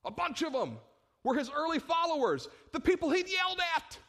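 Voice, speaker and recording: A pastor preaching a sermon, full of rhetorical questions and swinging between loud bursts and hushed tones. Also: male voice, very high voice, big pitch swings, a little fast.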